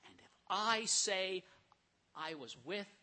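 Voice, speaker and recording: A man's voice: sits high, animated, slow pace, bright, forceful tone, exaggerated voice. A man acting out a frightened disciple reasoning his way into a denial. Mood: anxious. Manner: anxious, reasoning aloud.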